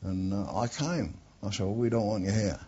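An older Englishman with a low, dark, husky voice tells his old war stories bluntly, peppering them with swearing. He drifts off topic as he goes. The sound is dull and lo-fi, like an old archive tape. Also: moderate pace. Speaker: interviewee, war veteran. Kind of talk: oral history reminiscence.

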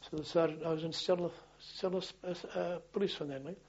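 Older man, halting and husky. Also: fairly high pitch, steady tone, a little mellow, highs cut off. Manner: halting, rambling with restarts and chuckles. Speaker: interviewee, former policeman. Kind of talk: oral history storytelling.

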